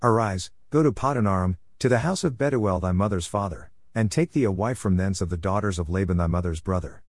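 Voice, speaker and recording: A man's voice: low voice, brisk, dry recording. A man reading the lines of an aged blind father, in a solemn King James cadence. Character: aged blind father blessing his sons.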